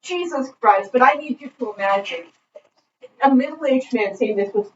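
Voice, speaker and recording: Young woman telling a story, laughing and animated. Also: on the high side, moderate pace. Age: young adult. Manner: animated, laughing, imitates a thick accent in quotes. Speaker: podcast co-host. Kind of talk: casual storytelling chat. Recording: roomy, distant, dull sound with faint noise.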